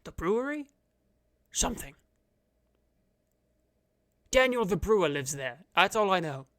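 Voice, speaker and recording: A game master voicing a small, battle-hardened male frog guard who gives tours in a soft, hesitant way. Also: mid-range voice, big pitch swings, unhurried, no room sound. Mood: hushed.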